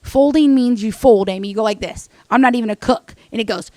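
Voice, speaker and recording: A woman's voice: on the high side, a little fast, few pauses, a little mellow, no room sound. A woman giving sarcastic, scolding reaction commentary over a cooking video. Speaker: commentator reacting to another vlogger.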